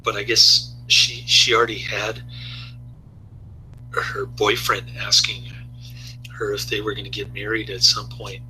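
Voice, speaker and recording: Slow, laid-back man with a bright tone. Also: on the low side, flat delivery, slight background noise, rough recording. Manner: rambling, laid-back, chuckles often. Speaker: video reviewer. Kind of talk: casual spoken review.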